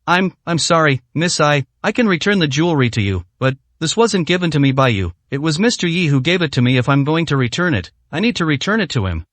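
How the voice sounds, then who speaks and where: A timid older housekeeper in an audio story, stammering and nervous, as a male narrator puts her on. The voice is slightly high, dry and close to the mic. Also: sing-song, brisk, hardly any pauses, fairly bright tone, dry recording.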